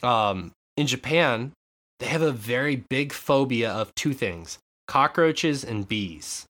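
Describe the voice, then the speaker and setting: A young man chatting casually on a podcast, telling stories in a lively way with frequent swearing and laughter. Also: medium pitch, slow pace. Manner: animated storyteller, swearing, laughing often. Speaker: podcast co-host. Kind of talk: casual chat.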